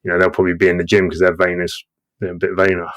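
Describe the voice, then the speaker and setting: A man's voice: low voice, monotone, rapid-fire, a bit bright, no room sound. A man who is a combat veteran, talking as a podcast guest in blunt, sweary casual chat.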